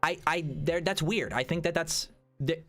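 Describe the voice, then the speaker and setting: Rambling streamer guy, a bit high-pitched. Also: a little slow, soft background music. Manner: rambling, restarts sentences, answers chat. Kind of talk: casual livestream chat.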